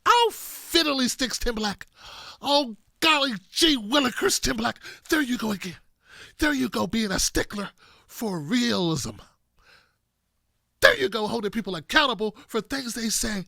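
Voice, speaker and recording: A man's voice: very high-pitched, animated, a little slow, gravelly, bright, forceful tone, dry recording, studio quality, exaggerated voice. A man voicing a prissy, mock-genteel critic who scolds in a fussy, sarcastic way. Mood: mock-prim.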